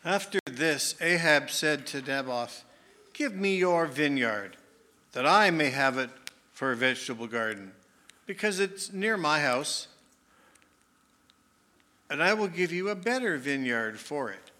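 A man from the group reading scripture aloud in a measured, deliberate way. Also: on the high side, animated, bright, forceful tone. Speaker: congregation member reading scripture.

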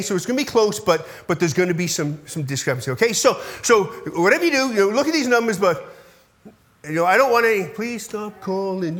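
His voice is high and a bit bright as this man in his 50s, a pastor, gives his congregation a relaxed update. He chats freely, checks in with listeners regularly, and is easily touched when he thanks them.

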